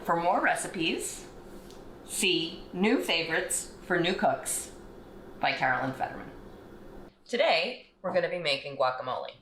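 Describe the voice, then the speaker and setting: A woman's voice: fairly low pitch, expressive, measured pace, a bit bright, a little hiss or hum. A woman librarian giving children a cooking demonstration. She explains each step in a friendly way. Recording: echoey room.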